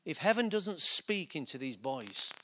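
A man's voice: a little high, sing-song, a little slow, bright, forceful tone. A middle-aged man preaching a sermon, telling a personal story in a chatty, self-mocking way. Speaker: pastor.

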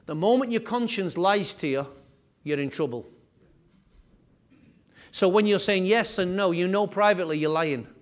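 High-voiced man preaching a sermon. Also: moderate pace, pauses often. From England. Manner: animated preaching with repetition and asides. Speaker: pastor.

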